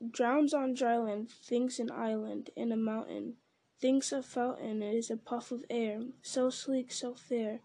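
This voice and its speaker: A sly, creeping male creature, put on by a woman reading aloud, lilting in a wheedling sing-song. The voice sits a little high and stays mellow and soft-edged.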